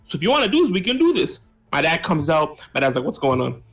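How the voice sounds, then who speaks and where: High, lively-voiced man in casual chat. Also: fast talker. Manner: lively, blunt storytelling with slang. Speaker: podcast co-host.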